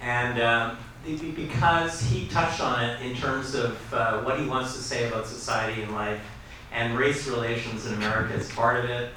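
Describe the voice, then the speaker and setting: A journalist asking a long, hesitant question at a press event. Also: male voice, mid-range voice. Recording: distant, very echoey, noisy hall.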